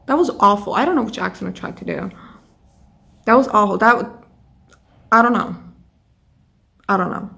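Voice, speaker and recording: A woman's voice: medium pitch, expressive, moderate pace, gravelly, long pauses, bright, forceful tone. Sarcastic, foul-mouthed young woman vlogger. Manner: sarcastic, profane, rambling. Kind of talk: comedic vlog monologue.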